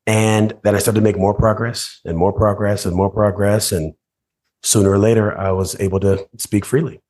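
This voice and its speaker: Husky low-voiced man telling a story. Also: normal speed. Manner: animated storyteller who acts out voices and scenes. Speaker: motivational speaker, guest. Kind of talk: storytelling in a podcast interview.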